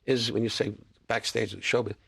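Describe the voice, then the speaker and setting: A man's voice: lowish voice, little pitch movement, a little fast, creaky, a bit bright, husky. An older man from New York, a chatty guest telling stories with restarts and repeats in a talk-show interview. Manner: chatty storyteller, restarts and repeats, acts out quotes.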